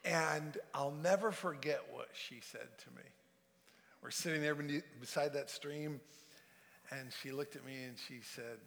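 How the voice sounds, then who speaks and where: A fairly high-pitched man with a gravelly, fry-tinged voice tells his story as a sermon, earnest and measured. His words ring through a large sanctuary with a long reverb trailing behind each phrase. He swings between louder and quieter delivery as the story unfolds. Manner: storytelling, earnest, varies loudness for effect. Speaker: preacher. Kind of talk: sermon testimony.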